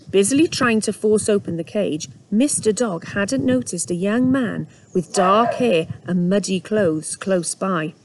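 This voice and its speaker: Storyteller woman reading a children's book at home, lively pitch, faint hiss behind. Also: a little slow, few pauses. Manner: warm, expressive storybook narration with asides.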